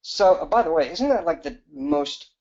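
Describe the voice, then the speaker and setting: A man giving a fast, enthusiastic sales pitch as a business coach on a live webinar, with fillers and restarts. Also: animated, darkish tone, lo-fi sound.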